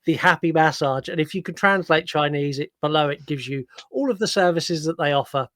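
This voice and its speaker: A chatty young man hosting a podcast and joking with his guests, his voice a little high for a man. He talks casually with plenty of ums, and his voice sounds dry and close, with no room sound. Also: a little fast, a bit bright, dry recording. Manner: chatty, jokey, many ums. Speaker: podcast host.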